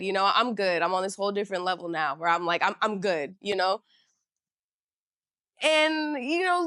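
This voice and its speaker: A woman's voice: mid-range voice, pushed and bright, no echo, studio quality. A young woman from Northern California hosting a podcast, telling a casual storytime in a chatty, slangy way full of "you know" and "you feel me.". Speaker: podcast host.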